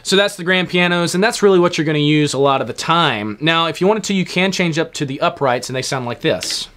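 Relaxed man explaining keyboard sounds. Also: a little high, a little fast. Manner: relaxed, explanatory, with frequent fillers. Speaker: keyboard instructor. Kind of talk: casual instructional walkthrough.

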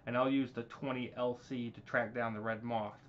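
A man voicing Douglas, a young team leader, giving loud, stumbling orders on a dull lo-fi recording. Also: mid-range voice, little pitch movement, moderate pace, a little hiss or hum, close to an everyday voice. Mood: commanding.

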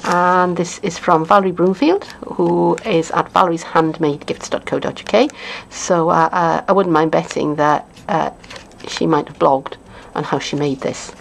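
Gravelly Welsh woman chatting about crafts. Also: lowish voice, fairly even intonation, moderate pace, a little hiss or hum, rough recording. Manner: chatty, rambling, with frequent fillers and chuckles. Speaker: craft demonstrator. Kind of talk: casual unboxing chat.

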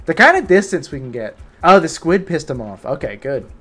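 Excitable young man streaming a game. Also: fairly high pitch, fairly quick, husky, faint music behind. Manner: excitable, talks to the game creatures, yelps when startled. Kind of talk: live gameplay commentary.

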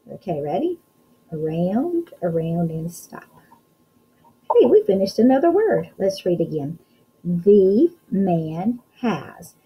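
A woman's voice: fairly low pitch, mellow, a little hiss or hum, low-quality recording. A young woman teaching a recorded phonics lesson to young children, sounding out letters and praising often. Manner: encouraging, sounds out letters slowly, frequent praise. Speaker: kindergarten teacher.

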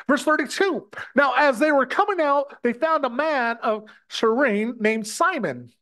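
A man's voice: very high voice, lively intonation, unhurried, pushed and bright. A man from the United States preaching a sermon in an impassioned way, often stumbling and repeating his words as he addresses his brothers and sisters.

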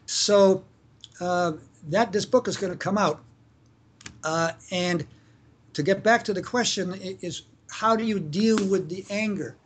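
A man's voice: sits high, slight background noise. A man, a family lawyer, answering interview questions casually and acting out examples, often restarting his sentences. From Canada. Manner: acts out shouted examples, halting restarts.

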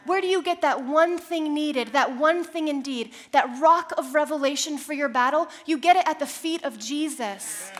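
High-voiced woman preaching a sermon. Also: background noise. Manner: building to impassioned, repeated declarations; storytelling, conversational asides.

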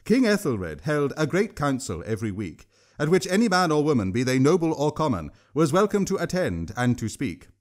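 Guy reading his own fantasy audiobook, steady, pitch moves a lot. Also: moderate pace, few pauses. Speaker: author and narrator. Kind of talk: audiobook narration.

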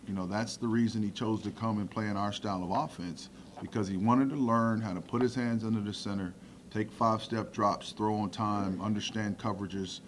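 Low-voiced coach at a press conference. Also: male voice, slight background noise. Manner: relaxed, plainspoken, with frequent fillers. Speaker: football offensive coordinator.

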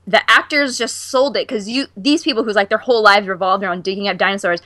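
Woman, podcast co-host, casual chat, bright tone, dry close sound, filler-heavy. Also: medium pitch, fast talker, no room sound. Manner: chatty, lots of fillers, emphatic dislikes.

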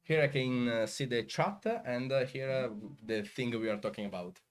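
A man's voice: mid-range voice, moderate pace, clean tone. A man with an Italian accent hosting a casual live stream from home, hesitant and laughing often. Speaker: streamer host.

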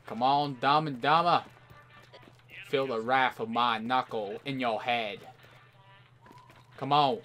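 A man's voice: mid-range voice, slow pace, pauses often, fairly bright tone, soft background music. A man giving live commentary over an online shooter match, hurling theatrical mock-outraged insults at opponents. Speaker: gameplay commentator.

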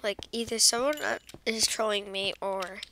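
A woman giving casual, excitable commentary on her gameplay, full of exclamations and fillers. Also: mid-range voice, normal speed, background noise. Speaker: gameplay video creator. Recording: loud background music.

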